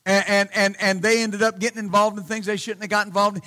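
A male pastor preaching a sermon bluntly and emphatically, often saying hallelujah and shouting his key points. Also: sits high, expressive, fairly quick, hardly any pauses.

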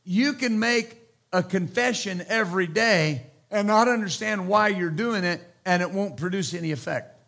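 A pastor delivering a sermon, preaching emphatically with repeated phrases and loud exclamations. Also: male voice, high-pitched, moderate pace.

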